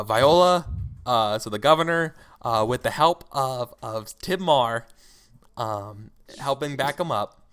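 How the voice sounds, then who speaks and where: A man's voice: mid-range voice, fairly bright tone, clear, resonant tone. A man narrating a scene as game master in a tabletop role-playing game, rambling with many fillers.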